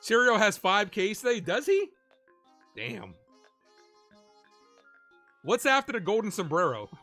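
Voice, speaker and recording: A man calling live play-by-play for his stream as a fan, excitable and shouting at big plays while he chats with viewers and reads their donations. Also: high voice, a little slow, soft background music.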